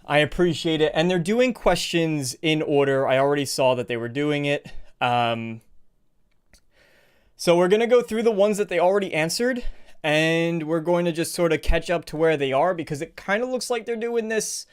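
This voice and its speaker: Chatty, clear-voiced male streamer. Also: on the high side, lively intonation, moderate pace. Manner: chatty, rambling, greets viewers by name. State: a little out of breath. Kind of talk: casual live stream chat.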